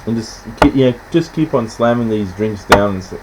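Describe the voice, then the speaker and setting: Man, rambling casual film chat, halting restarts, faint hum behind. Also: on the low side. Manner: acts out scenes in quick quoted voices. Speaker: podcast host.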